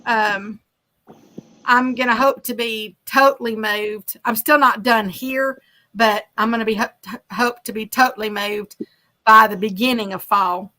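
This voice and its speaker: Bright-voiced woman chatting on a livestream. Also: on the high side, steady tone, measured pace. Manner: chatty, teasing, reads viewer comments aloud. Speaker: livestream host reading chat. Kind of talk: casual chat.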